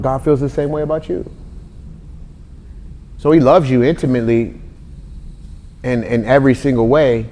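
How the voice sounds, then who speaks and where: A man in his forties giving a lively, conversational Bible teaching, talking straight to his listeners and acting out the people in his stories. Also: mid-range voice. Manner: animated, talks straight to the audience, acts out quotes. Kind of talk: conversational sermon-style teaching.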